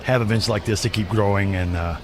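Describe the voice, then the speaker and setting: A man being interviewed at a convention, answering in a soft-spoken, hesitant way. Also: lowish voice, a little fast, slight background noise. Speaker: cosplayer interviewee. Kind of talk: casual interview. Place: convention floor.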